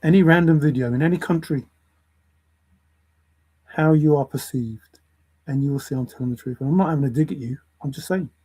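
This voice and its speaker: Husky, lecturing man. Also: fairly high pitch, fairly quick, pauses often, warm tone, poor audio. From England. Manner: lecturing, repeats points for emphasis. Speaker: vlogger. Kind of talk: opinion rant to camera.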